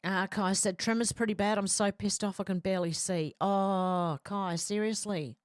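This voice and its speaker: A woman hosts a casual livestream, reading viewer comments aloud and rambling in between with lots of fillers and restarts. Her mid-range voice holds a steady tone at normal speed, recorded dry with clean studio sound.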